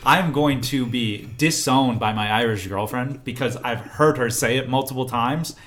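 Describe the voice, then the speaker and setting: A man's voice: medium pitch, moderate pace, a bit bright. A man co-hosting a podcast in casual chat, with wry, teasing banter. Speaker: podcast co-host.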